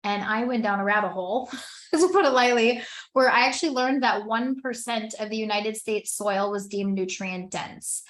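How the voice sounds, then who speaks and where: A woman's voice: mid-range voice, fairly bright tone. A woman in her thirties giving an earnest, conversational personal testimony as a wellness business presenter, with many "like" fillers.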